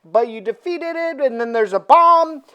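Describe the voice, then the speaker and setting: A woman's voice: high voice, lively intonation, normal speed, bright, forceful tone, lo-fi sound, voice pushed up. A woman voicing a pushy pack of news reporters who pile up run-on questions. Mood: badgering.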